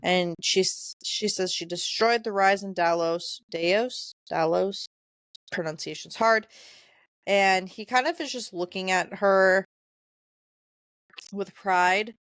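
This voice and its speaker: A woman's voice: mid-range voice, slow pace, a bit bright, clear, resonant tone, no room sound, studio quality. Woman casually reading book passages aloud. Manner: reads quoted dialogue in a plain voice, stumbles over names. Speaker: podcast co-host.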